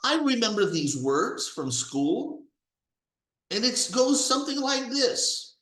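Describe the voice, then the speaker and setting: A man's voice: very high-pitched, sing-song, takes it slowly, sharp tone, reverberant, low-quality recording. A man giving an angry, profane political rant as a commentator, with heavy emphasis.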